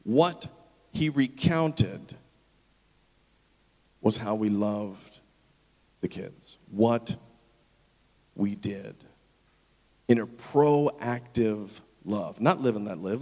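Animated preacher in an echoing hall. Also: male voice, fairly low pitch, takes it slowly, long pauses. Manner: animated, acts out the people in his story. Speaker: pastor. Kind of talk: sermon storytelling. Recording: long reverb of a large hall.

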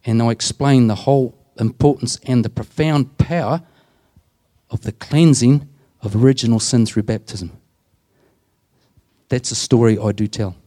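Earnest man, mellow voice. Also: mid-range voice, moderate pace, long pauses. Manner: earnest, plain-spoken, acts out quoted dialogue. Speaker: deacon and prison minister. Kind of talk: storytelling in an interview.

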